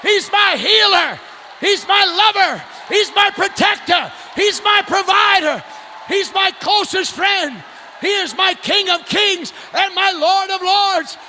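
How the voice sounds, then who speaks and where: A man preaching a fiery revival sermon, shouting and whooping in a folksy, rousing way. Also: very high voice, takes it slowly, some chatter behind, slight background noise. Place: church sanctuary.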